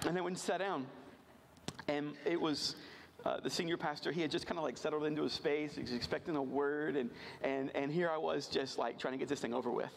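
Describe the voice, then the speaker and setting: A man from rural Virginia shares a self-deprecating story with a church crowd. His voice sits a touch high and carries a gravelly fry, and he keeps pulling the audience in with questions. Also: fairly even intonation, brisk, slight background noise. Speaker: missions speaker.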